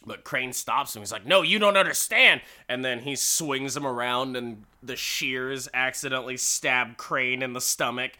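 A man's voice: medium pitch, little pitch movement, pushed and bright. A man casually recapping a story, swearing freely and laughing at it. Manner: laughs often, swears, slow and wry.

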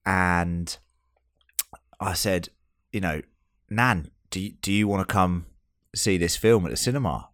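Very low-voiced man joking on a podcast. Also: measured pace, a bit bright, no echo, studio quality. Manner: swears freely, joking banter. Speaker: podcast co-host. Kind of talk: casual film podcast chat. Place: home in Australia.

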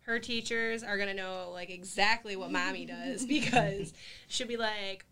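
Bright-voiced bubbly young woman. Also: on the high side, lively intonation, measured pace, a little hiss or hum. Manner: bubbly, laughs often, acts out her own reactions. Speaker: princess party business owner. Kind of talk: casual chat.

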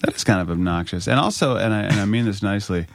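A man in his thirties hosting a chat show, relaxed and anecdotal, laughing easily. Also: on the low side, quick pace, creaky, dry recording. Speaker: podcast host. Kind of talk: casual chat.

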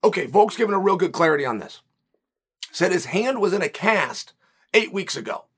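A man hosting a solo sports podcast while hoarse and losing his voice, talking in a chatty, emphatic, rambling way with a lozenge in his mouth. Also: high voice, lively intonation, normal speed, fairly bright tone. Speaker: podcast host.

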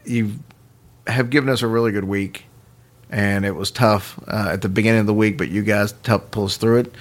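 A man hosting a podcast, telling a story in casual chat with lively asides and chuckles. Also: on the low side. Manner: animated, quick asides and chuckles. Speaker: podcast host.

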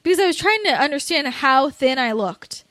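A woman's voice: sits high, expressive, moderate pace, a bit bright, no room sound. A young woman hosting a candid conversation, talking bluntly and ramblingly with many fillers and laughing through tears.

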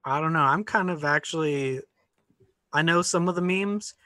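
Young male debater, bright tone, thinks out loud with many restarts; dry, close recording. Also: on the high side, moderate pace, no echo. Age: young adult. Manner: hesitant, restarts sentences, thinks aloud. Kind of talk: casual spoken argument.

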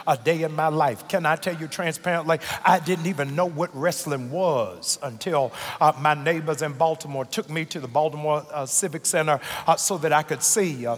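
High-voiced man preaching in reverb. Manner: builds from measured teaching to shouted, climactic preaching; frequent "uh" fillers and "here it is" asides. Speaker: senior pastor. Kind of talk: sermon. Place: large church sanctuary. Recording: church hall reverb with music behind.

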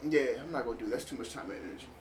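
A man co-hosting a casual podcast, joking and telling animated stories. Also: mid-range voice, very fast, a crowd in the background. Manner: animated, jokey storytelling that breaks into laughter. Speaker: podcast co-host. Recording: distant mic with clear noise.

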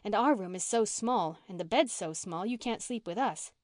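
A woman's voice: medium pitch, lively intonation, normal speed, a little mellow, no room sound, clean studio sound, lightly acted. A woman reading an audiobook and voicing a cheerful, dramatic minister's daughter who speaks eagerly.

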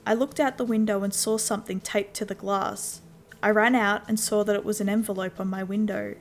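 A woman narrating a first-person horror story in a steady storytelling voice. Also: medium pitch, brisk, soft background music. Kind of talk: scripted scary story narration.

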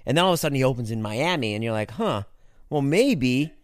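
A man telling a story in casual chat, animated and swearing, acting out what people said. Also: mid-range voice, racing, clear, resonant tone, dry recording, studio quality. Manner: animated, swearing, acts out quotes.

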